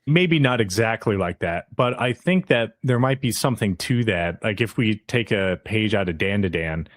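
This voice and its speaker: A man's voice: on the low side, expressive, normal speed, no echo. Man retelling an anime episode, dry mic. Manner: retells scenes, briefly putting on the characters' voices. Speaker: podcast co-host. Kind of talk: casual recap of an anime episode. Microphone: podcast mic.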